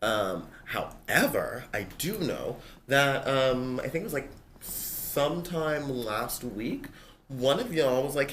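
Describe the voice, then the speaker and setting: A gender-fluid vlogger with a man's voice, ranting to camera in a casual, animated and exasperated way, swearing often. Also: mid-range voice, slow, slight background noise. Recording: echoey room with faint ambience.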